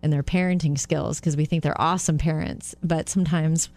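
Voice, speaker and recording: A woman co-hosting a show in casual chat, telling lively stories and acting out the quotes. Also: low voice, brisk, vocal fry, dry recording. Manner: animated storyteller, acts out quotes. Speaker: radio co-host.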